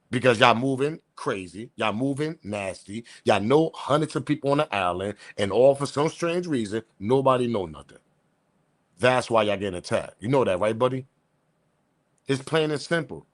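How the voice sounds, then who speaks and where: Man, live-stream host, casual slangy commentary, rambling, animated. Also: mid-range voice, no echo, studio quality.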